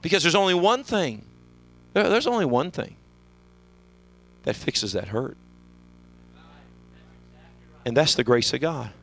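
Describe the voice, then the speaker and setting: A man preaching a sermon as pastor of a church, swinging from hushed low lines to loud shouted peaks. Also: lively intonation, slow, vocal fry, pauses often, a little hiss or hum, low-quality recording. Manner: fervent preaching, sweeping from hushed lows to shouted highs. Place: church sanctuary.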